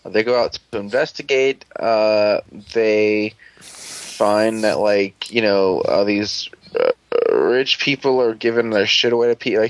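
A man's voice: fairly low pitch, unhurried, no echo, poor audio. A man hosting a casual chat, recapping a show in a rambling, sarcastic, profane way, groggy and unwell. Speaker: podcast host.

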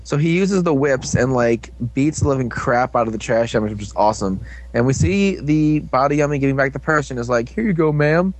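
A man's voice: medium pitch, brisk. A young man casually recapping a show episode, joking around and slipping into silly voices for the characters. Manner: rambling, jokey, drops into silly voices for characters. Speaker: podcast co-host recapping an episode.

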